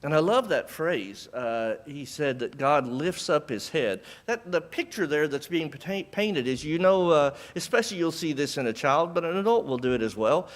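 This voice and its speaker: A man's voice: on the high side, lively intonation, moderate pace, few pauses, long reverb tail. A middle-aged man preaching a sermon in an earnest, conversational way, often restarting his phrases.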